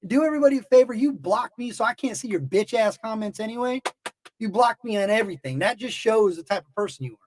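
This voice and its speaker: A man's voice: high voice, animated, fast talker. A man hosting a casual livestream to his chat, talking bluntly and heatedly with lots of swearing and rambling. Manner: emotional and heated. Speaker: YouTube livestream host.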